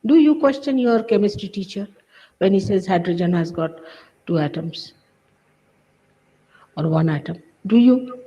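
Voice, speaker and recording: A woman's voice: medium pitch, animated, measured pace, long pauses, warm tone. Woman, spiritual teacher, scolding and emphatic; dull archival hall recording. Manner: emphatic, scolding, rhetorical questions. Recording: archival lecture with hall reverb, dull sound.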